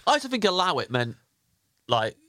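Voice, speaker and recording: A man's voice: high voice, sing-song, fairly quick, bright, forceful tone, no echo, studio quality. A man from England chatting on a podcast, telling anecdotes and laughing often. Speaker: podcast co-host. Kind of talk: casual chat.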